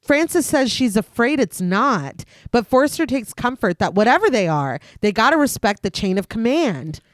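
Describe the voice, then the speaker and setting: Brief: young woman podcast host, slightly high voice, animated recap narration with laughing asides, dry close sound. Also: moderate pace, dry recording. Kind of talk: reading a film recap.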